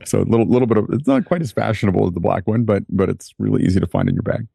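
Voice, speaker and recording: A man's voice: lowish voice, rapid-fire, vocal fry, mellow, slightly rough, dry recording, studio quality. A man on a tech podcast panel, chatting casually about gear in a rambling way with many restarts.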